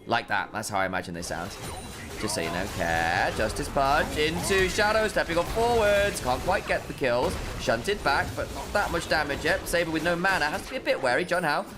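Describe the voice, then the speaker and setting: A man doing jokey, animated play-by-play commentary on an esports match. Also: fairly high pitch, fairly quick. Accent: put-on casting accent. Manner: animated, jokey, rising excitedly on big plays. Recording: game music behind the commentary.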